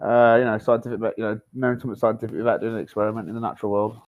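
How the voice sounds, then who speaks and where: Man, Birmingham accent, rambling, halting, quick delivery, dull lo-fi mic. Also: on the low side, flat delivery, no room sound. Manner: rambling, halting, easily riled. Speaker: debater on a live stream. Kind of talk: heated online debate.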